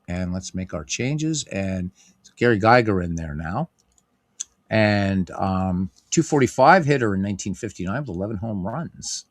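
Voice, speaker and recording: A middle-aged man speaks in a deep, animated, unhurried voice, recorded at studio quality with no room sound. He's hosting a stream of a tabletop baseball game, narrating the plays casually. Chatty and full of fillers, he responds to comments from his viewers.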